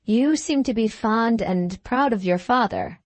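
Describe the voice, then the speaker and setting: A woman's voice: a little high, animated, unhurried, no echo. A woman voicing a strange, bitter young male medical student in an audiobook, with a harsh, sarcastic, mocking way of talking. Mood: sardonic. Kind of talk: audiobook character reading.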